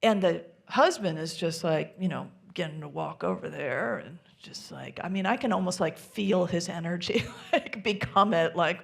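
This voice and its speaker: A woman minister delivers a sermon in a low voice with a gravelly, creaky edge. Her delivery is gentle and intimate, often dropping to a soft near-whisper. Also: unhurried. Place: church sanctuary.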